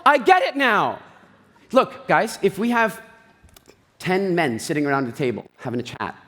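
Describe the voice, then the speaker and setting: Man, stage talk, animated storyteller, wide-ranging pitch, long hall reverb. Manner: animated, jokey storytelling with voiced asides. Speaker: speaker. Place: large event hall.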